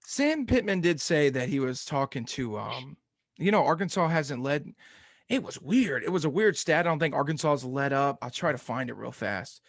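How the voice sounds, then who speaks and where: Man, sports podcast co-host, animated ranting, high-ish voice, dry sound. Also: normal speed, no room sound. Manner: animated ranting, laughs often. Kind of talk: casual sports podcast chat.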